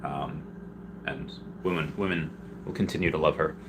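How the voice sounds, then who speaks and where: Deep-voiced rambling male streamer. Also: moderate pace, noisy background. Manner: rambling, with many restarts and sudden excited jumps in pitch. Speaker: livestream host answering viewer questions. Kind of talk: casual livestream Q&A.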